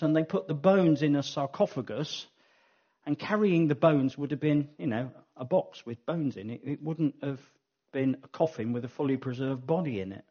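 On a dull lo-fi recording, a husky man with a darkish, higher-side voice teaches from the Bible. His delivery is a think-aloud one, peppered with ums and corrections of himself.

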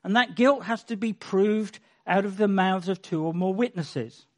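A man with a rather high voice preaches a conversational sermon on scripture. He leans on key lines with emphasis and drops in wry, self-deprecating asides. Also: moderate pace. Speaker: Bible teacher.

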